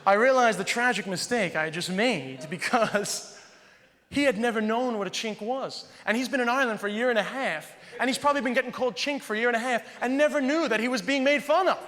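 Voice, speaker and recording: A man from the United States doing stand-up storytelling, animated and quick. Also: very high voice, long reverb tail. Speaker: stand-up comedian.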